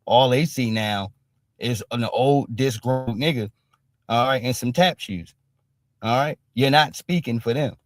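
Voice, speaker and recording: A man's voice: medium pitch, a little slow. A man hosting a casual live-stream commentary, blunt and profane, who keeps punctuating his points with a tag question. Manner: emphatic, keeps punctuating with "all right?"; blunt and profane street talk.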